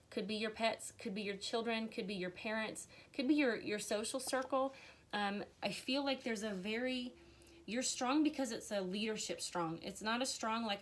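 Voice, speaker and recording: A woman reading tarot cards on a live stream, chatty and emotional, with many fillers. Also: medium pitch. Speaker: tarot reader.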